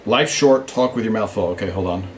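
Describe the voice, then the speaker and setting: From a small studio in Hollywood with a blue backdrop, a man who writes for a show runs a live fan Q&A. He chats casually, greets viewers by name, and thinks aloud with lots of fillers, in a lowish, brisk voice over slight background noise.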